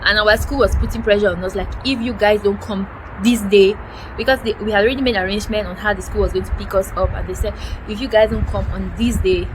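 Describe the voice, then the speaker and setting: Young woman, from Cameroon, storytelling vlog, animated, exclamatory, acts out quoted dialogue, background noise. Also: mid-range voice. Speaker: vlogger.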